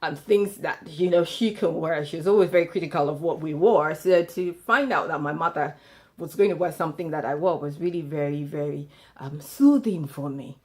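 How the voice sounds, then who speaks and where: A middle-aged woman, telling family stories in an animated way. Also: low-pitched, a little fast. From Nigeria. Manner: animated storytelling, acts out family quotes. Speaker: speaker sharing life lessons. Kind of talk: storytelling talk.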